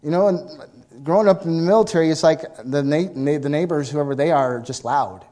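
A man preaching a sermon, telling a story with lively asides and acting out characters in excited voices. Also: on the high side, brisk.

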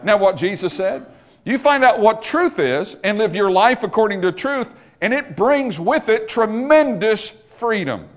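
A man's voice: sits high, animated, a little slow. A man preaching a sermon as pastor, emphatic, building through repeated rhetorical lines and questions. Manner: emphatic, rising to forceful repetition, rhetorical questions.

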